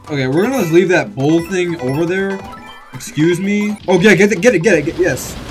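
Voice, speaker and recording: A man's voice: sits high, brisk, faint music behind. A young man giving casual, chatty gameplay commentary as host, exclaiming often. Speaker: let's-play host.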